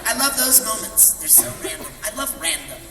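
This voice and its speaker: A man on a comedic convention panel, excitable and playful, always quick to joke. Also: high-pitched, loud music behind the voice. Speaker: voice actor panelist. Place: large convention hall. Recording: echoey convention hall from far, loud crowd.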